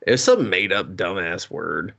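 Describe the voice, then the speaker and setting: A man co-hosting a movie podcast, talking in a casual, profane recap. His pitch sits a little low but swings widely as he acts out characters' lines in bursts. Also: normal speed, gravelly, dull audio. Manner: animated, swears freely, acts out characters' lines. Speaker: podcast co-host.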